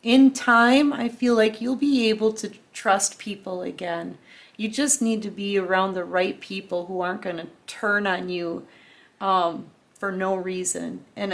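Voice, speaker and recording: Woman tarot reader with a middle-pitched voice, heartfelt and chatty, talking straight to viewers. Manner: loose and chatty with fillers. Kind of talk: casual collective tarot reading.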